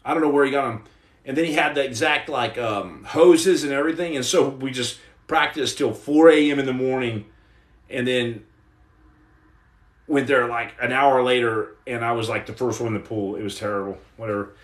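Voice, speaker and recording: His medium-pitched voice is steady and moves at a normal pace, echoing around the room. This Texas podcast host chats casually on a livestream, reading out viewer comments and wandering off on tangents, dropping "you know what I'm saying" again and again.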